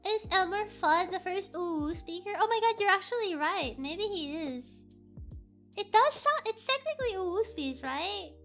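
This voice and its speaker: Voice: very high-pitched, expressive, normal speed, gravelly, a bit bright, soft background music. A VTuber streamer chatting casually on a live stream, giggly and playful, reading chat aloud from a home setup.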